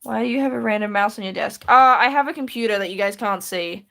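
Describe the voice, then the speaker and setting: This Australian woman's voice is a little high, gravelly, bright and forceful, and she talks quickly. Live-streaming from her room while she draws, she chats casually with her viewers and gives light laughs as she answers.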